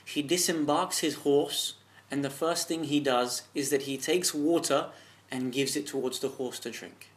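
A man's voice: medium pitch, a little slow. A man giving an earnest, impassioned religious talk, telling a story and asking rhetorical questions. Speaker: religious speaker.

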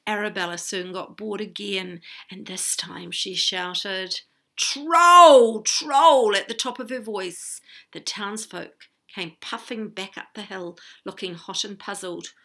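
A woman reading a children's story aloud, expressive, with chatty asides to her listeners. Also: mid-range voice, a little slow, vocal fry.

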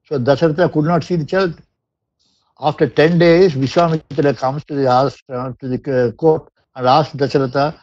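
In a dull, dry, lo-fi recording without echo, a man with an Indian English accent leads a satsang, reciting Sanskrit verses and then explaining them in English. His voice is a little high, steady and slightly mellow at normal speed, and he frequently restarts and repeats his sentences.

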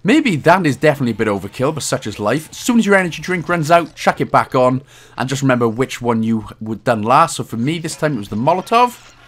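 A man's voice: mid-range voice, very animated, fast, fairly bright tone. A man with a Welsh accent giving casual game walkthrough commentary, jokey and self-deprecating and swearing freely. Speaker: gaming guide host.

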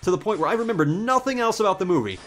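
A man's voice: high voice, lively intonation, very fast, fairly bright tone, faint music behind. A young man casually commentating a game while telling a long rambling story, swearing freely and reacting with sudden exclamations. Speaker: let's play commentator.

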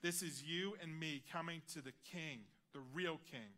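A man preaching a sermon in a church, earnest and personal, dropping his voice quietly on key lines. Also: fairly high pitch, normal speed. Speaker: guest preacher. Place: large church auditorium.

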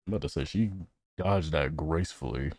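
Brief: young male gaming host, deep and animated, playful and giggly, dry mic. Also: fairly quick, no echo. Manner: playful, giggly, reacts out loud. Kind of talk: gameplay commentary.

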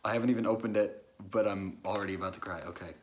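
A man's voice: lowish voice, fairly even intonation, racing, slight background noise. A young man vlogging to camera in a nervous, overdramatic, rambling way. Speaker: YouTuber. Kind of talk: casual vlog to camera.

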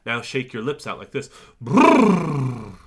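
A man teaching a virtual music lesson to young children, cheerfully guiding them through warm-ups and counting along. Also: mid-range voice, animated, normal speed, very noisy.

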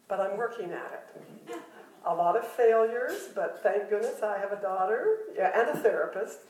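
A woman's voice: medium pitch, lively intonation, normal speed, darkish tone. An older woman shares personal stories at a retreat, mocking her own failures and breaking into laughter. Her voice reaches the mic from a distance and carries the echo of a roomy hall. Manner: self-deprecating, humorous, laughs often. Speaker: retreat speaker. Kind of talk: personal storytelling talk. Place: retreat meeting room.

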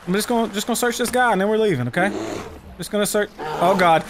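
A man with a Southern US accent giving profane, excitable let's-play commentary, yelping and shouting when startled. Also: sits high, moderate pace, a little hiss or hum. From United States. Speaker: gaming YouTuber.

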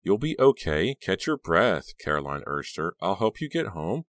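A man's voice: deep voice, sing-song, normal speed, no room sound, studio quality. A man voicing a teenage girl who soothes a friend before turning into a werewolf. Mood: soothing. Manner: soft soothing reassurance.

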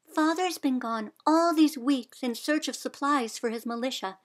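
A woman voicing a brave, determined young girl who pleads in an earnest, loud voice. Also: sits high, moderate pace, close to an everyday voice. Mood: eager.

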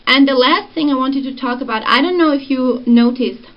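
Woman vlogger, higher voice, lo-fi. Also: moderate pace. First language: Swiss German. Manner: easygoing, explains with examples. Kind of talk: casual language lesson.

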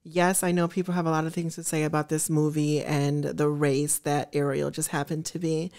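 Earnest, chatty woman vlogger, slightly low voice. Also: flat delivery, moderate pace, a little mellow. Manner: earnest, chatty, addresses viewers directly; emotional, gushing. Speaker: trailer reaction vlogger. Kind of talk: casual reaction commentary to camera.

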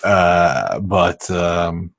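A man's voice: sits low, lively intonation, drawn-out words, creaky, fairly bright tone, dry recording. A man co-hosting a podcast, chatting casually and crudely while watching a movie. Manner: laid-back, mumbling, crude jokes. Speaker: podcast co-host. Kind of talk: casual movie commentary chat.

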